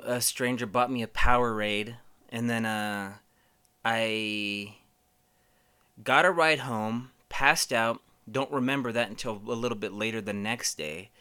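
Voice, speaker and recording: A man's voice: medium pitch, pushed and bright, clean tone. A man hosting a podcast, telling rambling stories casually, swearing a lot and using many fillers. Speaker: podcast host. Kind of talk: casual storytelling.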